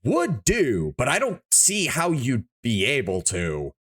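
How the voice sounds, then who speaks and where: A man's voice: medium pitch, wildly swooping pitch, slow, a bit bright, slightly rough. A man chatting casually on a live stream, reacting and thinking aloud in a rambling way, with frequent restarts. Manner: swears freely.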